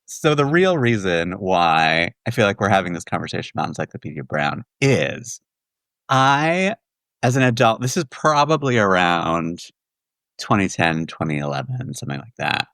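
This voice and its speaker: A man in his forties from the Washington, D.C. area, a guest telling a childhood story in a relaxed chat and laughing often. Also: sits low, moderate pace, no room sound. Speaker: guest, musical theater writer. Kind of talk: casual podcast chat.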